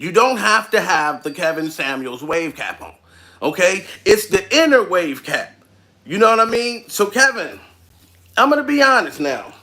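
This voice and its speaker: Bright high-voiced man ranting profanely. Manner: profane, repetitive street-talk rant. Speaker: comedian. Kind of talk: comedic rant to camera.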